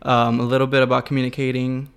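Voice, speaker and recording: A man's voice: medium pitch, completely flat delivery, fast, clean tone. A young man hosting a casual podcast chat, rambling and swearing freely with lots of restarts. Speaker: podcast host.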